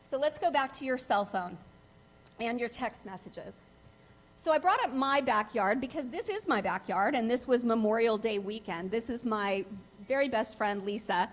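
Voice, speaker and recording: A woman's voice: a little high, slight background noise. A middle-aged woman giving an earnest, emphatic talk to a club as a guest speaker on cybercrime, often repeating phrases for stress.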